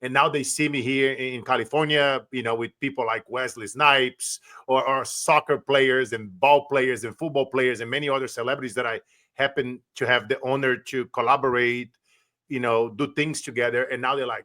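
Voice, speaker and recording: A man's voice: mid-range voice, steady tone, normal speed, pushed and bright. A man from Brazil, hosting a casual interview in an earnest, enthusiastic way. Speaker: host.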